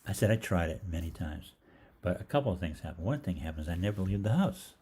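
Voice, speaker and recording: Fast and animated, the older health program host speaks in a low, dark, slightly rough voice. He rambles through a chatty anecdote, acting out others' lines amid many ums and restarts.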